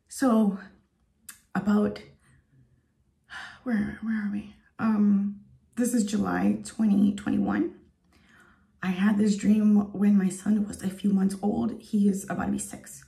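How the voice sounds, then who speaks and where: A woman's voice: mid-range voice, fairly even intonation, slow pace, creaky, pauses often, mellow. A woman in her thirties giving an earnest, emotional spoken testimony as a vlogger, rambling with lots of fillers. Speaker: faith vlogger.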